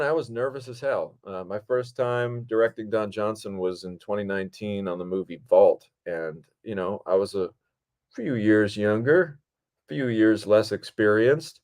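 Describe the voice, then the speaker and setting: A man with a very low, deep voice tells stories from a film set in an easygoing, rambling manner. He often jumps higher and louder to act out what people said, then drops back to his relaxed, talky pace. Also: unhurried. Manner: rambling and animated, acts out quotes in higher voices. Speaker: podcast host and film director. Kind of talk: casual storytelling monologue.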